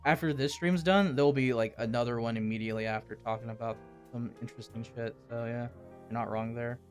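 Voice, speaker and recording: A man's voice: mid-range voice, fairly even intonation, fast talker, soft background music. A man hosting a commentary stream, chatting casually and laughing easily. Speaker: commentary channel host. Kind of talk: casual chat.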